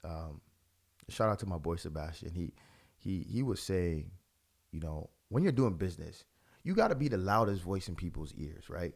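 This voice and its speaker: Man, pastor, low voice, impassioned commentary, lots of restarts. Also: animated, moderate pace, creaky. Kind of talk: religious video commentary.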